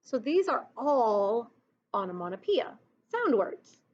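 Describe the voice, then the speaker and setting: A woman's voice: fairly high pitch, big pitch swings, takes it slowly. A woman teacher giving a recorded lesson, patiently explaining to children, on a dull lo-fi recording. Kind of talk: recorded class lesson and read-aloud.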